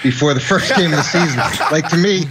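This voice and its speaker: A man's voice: a little high, quick pace, noisy background. A middle-aged man, a former football coach, giving analysis on a sports talk show, often restarting and repeating words as he thinks.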